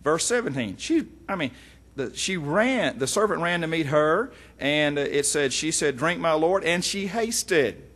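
A middle-aged man, teaching from the Bible in a folksy, animated way with frequent asides. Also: on the high side, a little slow. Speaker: preacher.

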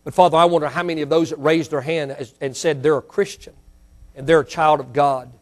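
A male pastor preaching a sermon and leading an altar call in a church, swinging from loud fiery preaching to soft pleading prayer. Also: a little high, steady tone, fairly quick. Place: church sanctuary.

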